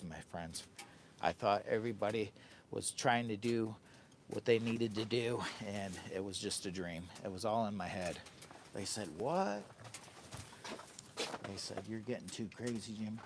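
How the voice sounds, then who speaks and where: A man in his fifties with a Midwestern American accent, chatting on a live stream from a hot tent while camping. He rattles along fast and hyper, joking and breaking into sing-song asides. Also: lowish voice, steady tone, a little hiss or hum. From United States. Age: 50s. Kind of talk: rambling live stream chat. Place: tent with a stove on a windy day, outdoors.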